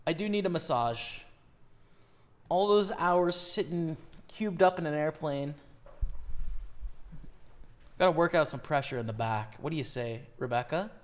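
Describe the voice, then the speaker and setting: A man's voice, a little hoarse from losing it, talking through poker hands on a live stream. His delivery is casual and conversational as he reasons out loud about his plays and answers viewers. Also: fairly high pitch, a little slow, pauses often. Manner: casual, thinks aloud about each hand and chats with viewers.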